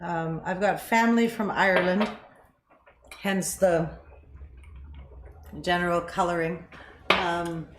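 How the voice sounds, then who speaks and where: A woman's voice: on the low side, fairly even intonation, takes it slowly, pauses often. A middle-aged woman co-hosting a cooking show, chatting casually, swearing and wandering into asides. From Canada. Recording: echoey kitchen with background noise.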